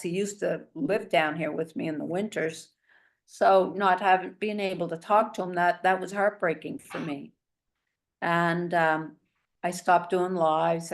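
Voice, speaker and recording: A middle-aged woman, a guest telling her story in a chatty, animated way. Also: fairly low pitch. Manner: chatty and animated, a self-described talker. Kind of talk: casual storytelling in an interview.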